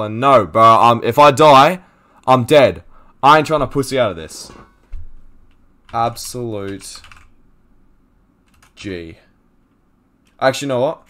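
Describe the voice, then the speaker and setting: A teenage male streamer giving live gaming commentary, loud, profane and excitable as he rants. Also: mid-range voice, clean tone.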